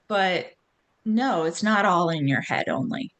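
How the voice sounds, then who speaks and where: A woman's voice: fairly low pitch, expressive, a little slow, fairly bright tone. Blunt therapist woman in her forties. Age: 40s. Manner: blunt, frank, swears casually. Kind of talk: candid podcast conversation.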